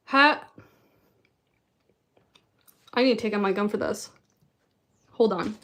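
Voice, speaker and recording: A woman's voice: medium pitch, takes it slowly, pauses often, fairly bright tone. A woman chatting casually in a vlog Q&A, rambling and self-deprecating, often giggling at herself. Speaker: vlogger answering viewer questions. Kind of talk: casual Q&A chat.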